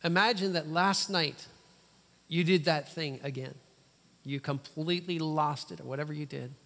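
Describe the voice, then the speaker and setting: Male guest preacher, fairly high voice, lively rhetorical sermon, long church reverb. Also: moderate pace, vocal fry. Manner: animated, rhetorical questions, playful asides. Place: church sanctuary.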